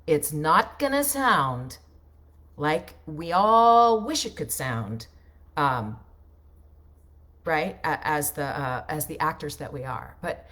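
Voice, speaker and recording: A woman coach talks through voiceover tips in a loose, conversational way, in a slightly low voice. She keeps checking in with tag questions and doesn't polish every phrase. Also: animated, takes it slowly, fairly bright tone. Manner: chatty, ends points with tag questions; loose, unpolished delivery with restarts. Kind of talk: casual on-camera teaching.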